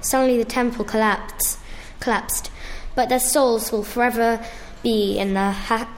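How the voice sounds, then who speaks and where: A woman reading a storybook tale aloud, slowly and carefully, with small restarts. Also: fairly high pitch, fairly even intonation, a little hiss or hum.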